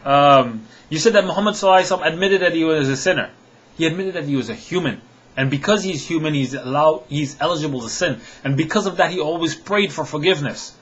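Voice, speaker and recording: A man's voice: fairly high pitch, fast talker, fairly bright tone, slightly rough, dull audio. A man giving a heated rebuttal to a critic, firing off rhetorical questions with scoffing chuckles and repeating himself when worked up. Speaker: religious apologist answering a critic. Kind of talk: direct-to-camera rebuttal monologue.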